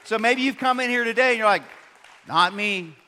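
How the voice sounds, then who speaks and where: A pastor in his thirties preaching a sermon, swinging between loud, emphatic peaks and quiet, hushed stretches. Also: extremely high pitch, steady tone, fast talker, clean tone, a faint crowd. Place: large church hall. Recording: long church hall reverb.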